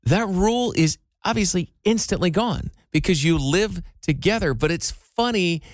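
A man's voice: high-pitched, expressive, normal speed, no room sound, studio quality. A man co-hosting a casual radio show, chatting in an easygoing, playful way. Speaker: radio co-host.

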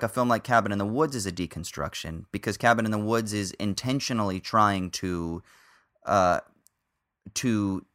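A man's voice: lowish voice, fairly bright tone. A man co-hosting a podcast, talking films in a casual, swearing way with lots of fillers. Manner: swears freely, many fillers. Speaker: podcast co-host. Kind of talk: casual film discussion.

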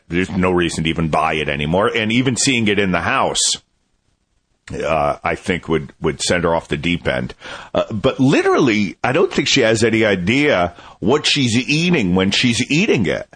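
A man's voice: lowish voice, fairly bright tone, slightly rough. A man telling a casual, self-amused story on a radio show. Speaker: show contributor.

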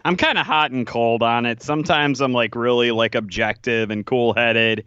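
Playful guy on a sports podcast, bright crisp voice, kinda dull lo-fi sound. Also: mid-range voice, steady tone, moderate pace, no room sound. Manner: laughs often, playful. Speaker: podcast co-host. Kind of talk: casual sports chat.

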